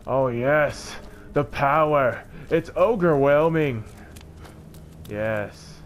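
A man doing let's play commentary, mixing crude trash talk with mock-heroic narration and bursting into yelling taunts. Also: on the high side, extremely slow, slight background noise. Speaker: gameplay streamer.

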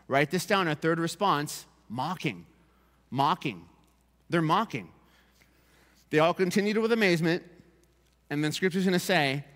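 A man's voice: a little high, lively intonation, a little slow, long pauses, fairly bright tone, long reverb tail. A man preaching a sermon as pastor, emphatic and repeating key phrases for his congregation. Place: church sanctuary.

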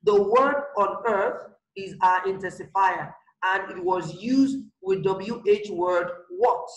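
Unhurried online teacher; repeats examples, leans on key words; echoey room sound. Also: medium pitch. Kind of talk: online English grammar lesson.

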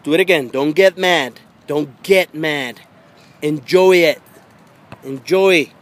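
A man coaching his young daughter at basketball outdoors, coaxing and repeating encouragement, sometimes rising to loud urging. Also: slow. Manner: encouraging, repetitive coaxing, gets loud and high when urging. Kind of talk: casual coaching. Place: outdoors by a hoop. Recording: faint outdoor background noise.

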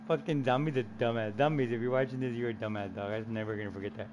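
A male live streamer chatting through a racing session, cussing freely and breaking into laughter as he tells stories. His voice sits at an ordinary middle pitch, with a faint hiss of noise underneath. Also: fast. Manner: profane, laughing, animated storytelling. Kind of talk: casual gaming banter.

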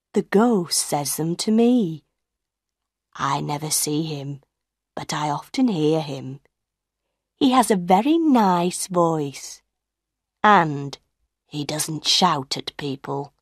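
A woman doing a secretive old woman's low warning. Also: expressive, takes it slowly, pauses often, breathy edge, no echo, clean studio sound, full character voice. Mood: knowing. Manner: low, secretive, drops to a whisper. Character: old woman, shrewd and knowing, warning of a ghost.

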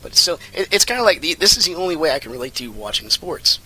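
Guy rambling and joking thru his game, super bright voice, yells when stuff goes wrong. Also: fairly high pitch, quick pace, husky. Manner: rambling, jokey, excitable outbursts. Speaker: let's play commentator. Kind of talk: casual gameplay commentary.

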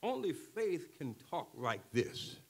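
An older man preaching a sermon, who keeps checking in with the congregation and moves from quiet talk to shouting. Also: a little high, very animated, slow, gravelly. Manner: call-and-response preaching, swings from soft talk to shouting. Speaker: pastor.

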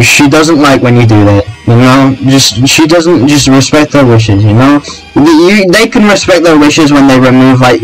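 A man's voice: mid-range voice, rough recording. A young man hosting a casual game video, rambling and joking with lots of fillers and swearing. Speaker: gamer and video host. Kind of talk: casual gameplay role-play chat.

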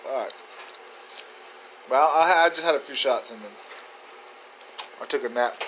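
A man telling a story in a casual video message, rambling and laid-back, with many fillers and casual swearing, growing loud and excited as it builds. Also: mid-range voice, a little slow, slight background noise, rough recording. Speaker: sender of a video message to a friend. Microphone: phone video message.

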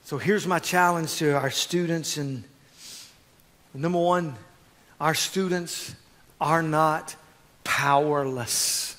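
A man preaching a sermon as pastor, swinging from quiet asides to loud, fervent exhortation. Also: fairly high pitch, fairly even intonation, takes it slowly, long pauses, big-room sound.

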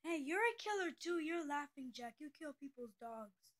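A woman's voice: sits high, lively intonation, normal speed, a bit bright. A young female speaker who says she is twelve, chatting casually and giggling often as she hops between topics. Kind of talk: casual chat on a call.

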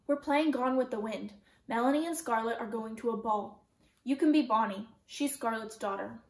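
A woman's voice: fairly high pitch, moderate pace, darkish tone, natural voice. A woman doing a kind, playful young girl. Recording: roomy echo.

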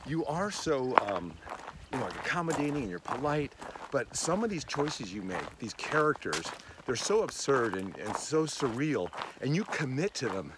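A man in his sixties hosting a casual chat outdoors, lively and teasing, often laughing. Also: mid-range voice, moderate pace, very noisy. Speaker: host. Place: outdoors on a hiking trail.

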